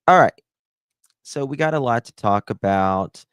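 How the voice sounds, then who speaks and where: Man, live-stream host, slow unhurried talk, dry close sound. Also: mid-range voice, lively intonation, fairly bright tone, clear, resonant tone, no room sound. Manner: rambling, hesitant, affectionate toward chat. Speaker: livestream host. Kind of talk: casual live-stream chat.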